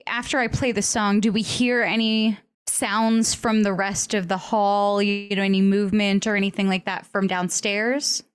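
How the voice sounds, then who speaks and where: A woman's voice: mid-range voice, flat delivery, normal speed, hardly any pauses, clean tone. A woman taking part as a player in a tabletop role-play game, chatting casually at the table.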